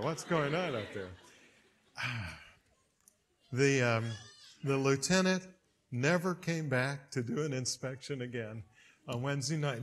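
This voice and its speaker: A man preaching a sermon, telling stories with big swings in pitch and loudness. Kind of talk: sermon with storytelling.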